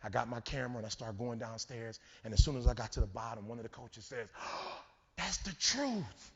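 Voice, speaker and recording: A man giving a motivational keynote, telling stories and building to shouts. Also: mid-range voice, flat delivery, fast talker, slightly rough. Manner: preachy, storytelling, rising to shouts. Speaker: keynote speaker. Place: large conference hall. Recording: dull hall recording with long reverb.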